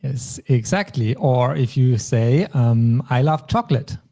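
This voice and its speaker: A man from German-speaking Europe hosts a language lesson at an even, middle pitch. His tone is mellow and relaxed. He explains each point patiently, step by step. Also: a little slow. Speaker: language teacher.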